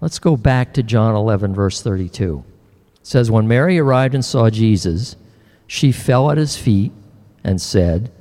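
An older man preaching a sermon as pastor, earnest and emotional, often pausing and restarting his words. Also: on the low side, lively intonation, mellow, big-room sound.

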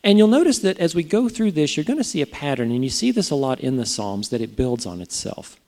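A pastor delivers a sermon in a mellow, warm voice. His pitch moves up and down a lot, and he talks casually, checking in with the congregation through rhetorical questions. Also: sing-song, a little fast.

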